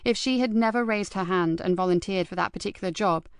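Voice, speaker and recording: A woman narrating an audiobook in a measured, even storytelling manner. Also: mid-range voice, clean tone, dry recording, clean studio sound. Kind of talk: scripted narration.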